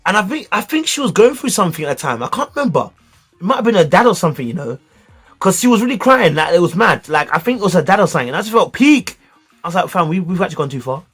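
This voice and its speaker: A man telling a school story in a casual, animated way, heavy on slang. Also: high-pitched, fast talker, husky, soft background music.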